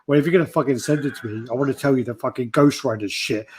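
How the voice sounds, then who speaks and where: A man's voice: mid-range voice, fast, darkish tone, slight background noise. A man hosting a casual collectibles livestream, telling stories with plenty of swearing and greeting chat viewers. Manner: swears a lot, tells stories, reads out chat names.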